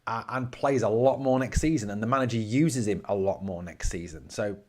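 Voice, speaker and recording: A man's voice: lowish voice, fairly quick, darkish tone. A man from northeast England hosting a solo podcast, giving blunt opinions and answering live chat with swearing. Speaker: podcast host.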